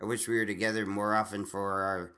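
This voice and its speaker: A man's voice: on the low side, level tone, brisk, sharp tone. A man co-hosting a casual chat, rambling and swearing freely, with many restarts. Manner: rambling, profane, frequent restarts and laughs.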